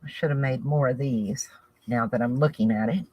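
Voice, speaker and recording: The audio is dull, and her rumbling low voice has a breathy edge at a normal speed. She's a Southern US woman chatting casually to camera, rambling and thinking aloud while crafting.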